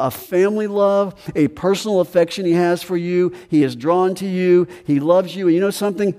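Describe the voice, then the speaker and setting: Male pastor, earnest sermon delivery, mellow tone, long reverb of a big room. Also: on the high side. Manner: earnest preaching, slowing on key phrases and rising with emphasis.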